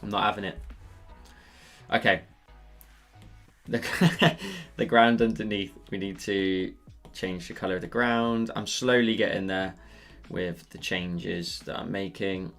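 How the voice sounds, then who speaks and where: A man's voice: deep voice, steady tone, slow pace, fairly bright tone. A man with a Scottish accent who livestreams digital painting, explaining his steps and chatting and joking with viewers as he works. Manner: chatty, joking, answers viewers' questions while working. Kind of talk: live digital painting tutorial with chat banter. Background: faint background music.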